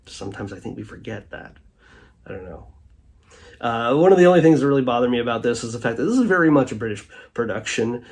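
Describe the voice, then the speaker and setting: A man hosting a casual commentary show, rambling with many fillers and restarts, often trailing off quietly at the end of a thought. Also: mid-range voice, lively intonation, fast talker, husky. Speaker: host reviewing a streaming documentary.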